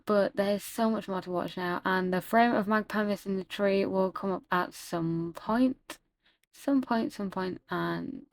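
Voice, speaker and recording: A woman chatting excitedly in a casual voiceover about her own animation, self-deprecating and talking straight to her viewers. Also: mid-range voice, dry recording. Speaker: animator narrating her work. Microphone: home voiceover mic.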